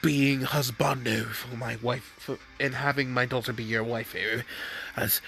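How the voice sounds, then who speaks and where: A man's voice: medium pitch, steady tone, measured pace, a bit bright. A man doing a gushing, bossy mom. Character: excitable, bossy middle-aged mother.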